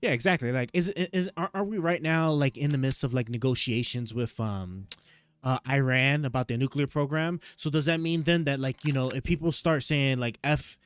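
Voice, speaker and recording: A man's voice: medium pitch, moderate pace, clean tone, no room sound. A man hosting a livestream, reacting to a political clip with incredulous, stammering and sarcastic commentary. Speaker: livestream host reacting to clips.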